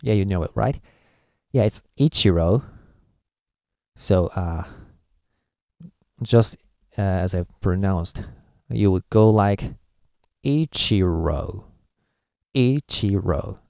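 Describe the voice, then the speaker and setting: A Japanese-accented man teaches in an unhurried, halting way, filling pauses with uhs and sounding out syllables to demonstrate. His voice sits fairly low with a gravelly, mellow edge. The sound is dry with no room around it. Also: dry recording. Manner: hesitant, many filler uhs, demonstrates syllables aloud. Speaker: language teacher. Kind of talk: casual spoken lesson.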